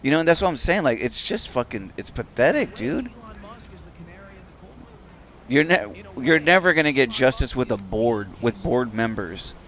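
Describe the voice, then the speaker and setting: A man's voice: medium pitch, sing-song, normal speed, a bit bright. A man streaming a game and ranting in a rambling, profane way, filling his talk with "like". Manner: rambling, profane, heavy use of "like". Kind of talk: casual rant while gaming.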